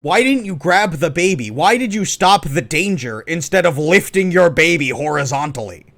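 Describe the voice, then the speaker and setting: A man's voice: fairly high pitch, lively intonation, moderate pace, gravelly, fairly bright tone. A man giving opinionated, sarcastic reaction commentary, ranting with plenty of profanity. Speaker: online commentator.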